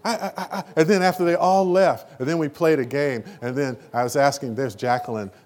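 This is a man with a slightly high voice giving a heartfelt, animated sermon in a church meeting. He swells into sudden loud bursts and repeats words haltingly.

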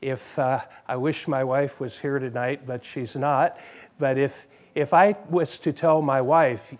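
A man's voice: medium pitch, fairly even intonation, a little slow. A married man preaching a sermon in a conversational way, repeating phrases and putting questions to the congregation.

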